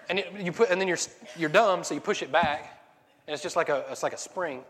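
Male preacher, casual sermon; rambling and joking, slightly high voice, long reverb of a big hall. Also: brisk, fairly bright tone. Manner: rambling, self-interrupting, joking.

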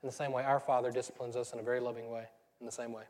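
Rambling Southern pastor in a reverberant hall. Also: male voice, medium pitch, level tone, racing, darkish tone. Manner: rambling, self-deprecating, laughs at own stories. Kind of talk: casual conversational sermon. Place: church sanctuary. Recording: church hall with long reverb.

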